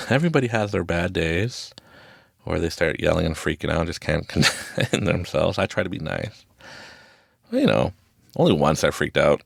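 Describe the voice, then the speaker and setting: A man's voice: low voice, gravelly, no echo, clean studio sound. A man hosting a podcast, talking through a casual, rambling motivational monologue from a small closet and laughing often. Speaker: podcast host.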